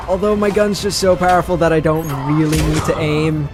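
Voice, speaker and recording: A man's voice: fairly high pitch, quick pace, hardly any pauses. A man casually commenting as he plays a video game, chatty and self-deprecating, with game music behind him. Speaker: let's play host. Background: game music and sound.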